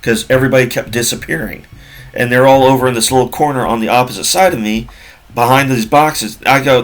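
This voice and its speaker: A man's voice: mid-range voice, fast talker. A man in his forties telling a casual story from work in a rambling way, with many fillers and repeats. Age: 40s.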